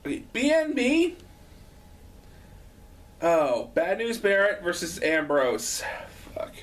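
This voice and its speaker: A man doing a rambling casual vlog at home, excitable and profane, laughing often. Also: high-pitched, slow pace, far from the mic. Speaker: vlogger.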